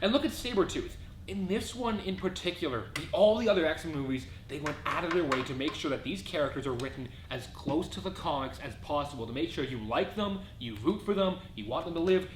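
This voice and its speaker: A man hosting a casual movie review chat, animated and ranting. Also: brisk. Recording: echoey room with faint rumble.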